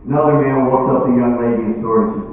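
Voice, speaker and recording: A man doing stand-up at a senior living community, snapping through one-liners and quick character voices. His voice rings through a big reverberant room, picked up from a distance. The sound is narrow and tinny, like a phone line. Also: mid-range voice. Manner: punchy joke delivery with quick voiced characters. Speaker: comedian. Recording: echoey hall, distant mic, phone-like sound.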